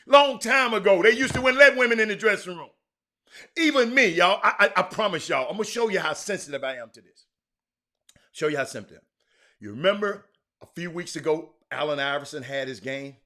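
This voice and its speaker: A man's voice: sits high, a little fast. Fired-up man hosting sports talk. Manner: animated and emphatic, repeats himself, addresses viewers directly. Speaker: sports talk show host. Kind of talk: live-streamed sports talk rant. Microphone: streaming mic.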